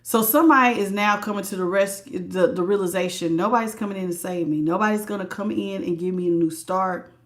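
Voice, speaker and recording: A woman with a brisk, medium-pitched voice gives a live tarot reading. She's chatty and emphatic, greets viewers by name, and repeats words for stress.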